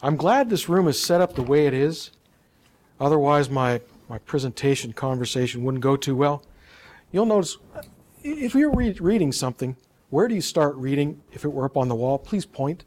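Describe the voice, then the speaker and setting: Male presenter, slightly high voice, demonstrative, quizzes the room. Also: moderate pace, a little hiss or hum. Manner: lively, demonstrative, quizzes the audience. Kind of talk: live talk on public speaking.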